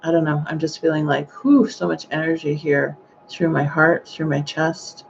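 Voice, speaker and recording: Gentle gravelly-voiced woman medium. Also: low-pitched, moderate pace, muffled recording, slight background noise. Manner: gentle, hesitant, with sighing exclamations. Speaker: psychic medium. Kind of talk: live-streamed psychic reading.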